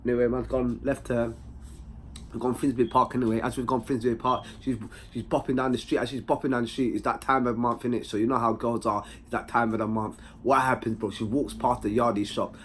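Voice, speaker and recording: A young man with a London accent telling a personal story in a slangy, animated way, full of tag questions. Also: medium pitch, fast talker, slight background noise. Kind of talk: casual anecdote.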